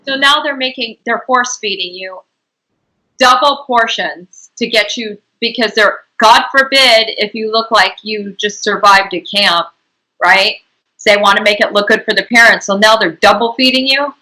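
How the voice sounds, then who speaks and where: A woman's voice: mid-range voice, normal speed, pushed and bright, poor audio. A woman hosting an interview, asking emphatic, indignant questions. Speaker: host, interviewer.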